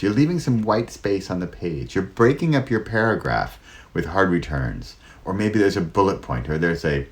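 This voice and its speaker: A middle-aged man hosting his own solo talk, shifting his pace and loudness and dropping to near whispers to show how pauses work. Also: sits low, very animated. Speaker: host.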